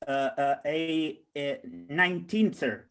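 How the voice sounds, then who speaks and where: A man's voice: a little high, expressive, slow, voice pushed up. A man voicing a nervous young male army recruit who stammers and answers politely.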